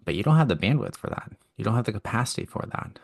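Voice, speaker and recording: A man co-hosting a podcast, calmly explaining and reflecting with everyday examples in casual conversation. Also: on the low side, quick pace, vocal fry. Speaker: podcast co-host. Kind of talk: casual chat.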